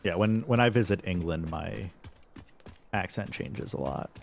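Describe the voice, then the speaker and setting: A man's voice: sits low, a little slow, creaky, slight background noise. A man from North Carolina with a Southern twang, chatting casually while gaming and often stumbling over his first words. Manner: hesitant, repeats words at the start.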